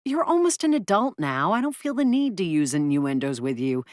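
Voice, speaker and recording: A woman's voice: on the low side, sing-song, moderate pace, no echo, studio quality, voice pushed up. A woman voicing a blunt woman warrior with a matter-of-fact, dryly teasing way of talking.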